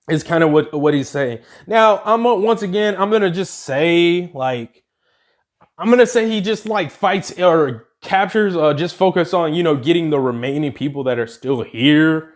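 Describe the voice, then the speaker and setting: A man with a fairly high voice improvising a fan story out loud. He rambles and fills gaps with "like" and "um," correcting himself as he goes along. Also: expressive, normal speed. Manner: rambling, with fillers and self-corrections.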